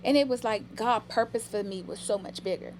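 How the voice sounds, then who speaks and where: A woman's voice: fairly high pitch, brisk, darkish tone, a little hiss or hum. A middle-aged woman telling personal stories with emotion in a casual podcast conversation. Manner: emotional, storytelling. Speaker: podcast guest.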